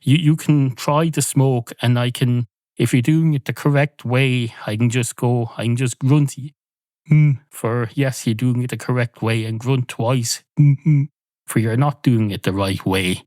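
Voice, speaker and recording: A man's voice: mid-range voice, fairly even intonation, moderate pace, darkish tone, no room sound, close to an everyday voice. A man voicing a cautious, rule-bound barman who frets about breaking regulations. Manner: fussy, worried about breaking rules.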